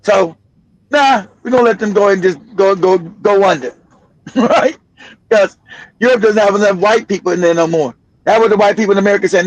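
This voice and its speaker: A man's voice: high voice, expressive, normal speed, gravelly, pauses often, dry recording, low-quality recording. A man hosting a political commentary livestream, talking bluntly and profanely and laughing often. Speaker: livestream host.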